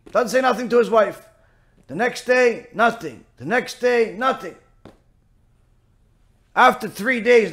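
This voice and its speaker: Rabbi guy telling a joke, pretty high voice, lots of uhs. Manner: animated storytelling with fillers. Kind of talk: telling a joke to teach a moral lesson.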